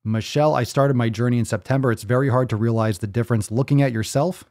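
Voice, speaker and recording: A man's voice: mid-range voice, fairly even intonation, quick pace, darkish tone, no echo, clean studio sound. A man hosting a fitness live stream, reading viewer posts aloud and reacting with blunt, profane emphasis, repeating his points to drive them home. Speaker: fitness podcast host.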